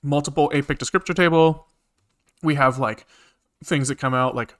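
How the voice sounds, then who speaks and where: A man's voice: on the high side, normal speed, long pauses. A man streaming live coding, rambling casually with lots of fillers and the odd swear as he thinks aloud. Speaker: programming streamer.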